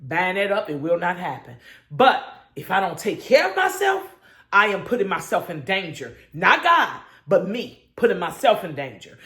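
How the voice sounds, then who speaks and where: A woman's voice: medium pitch, bright, forceful tone, reverberant. Exuberant woman leading a morning devotion. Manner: exuberant, call-and-response with listeners. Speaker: devotional minister.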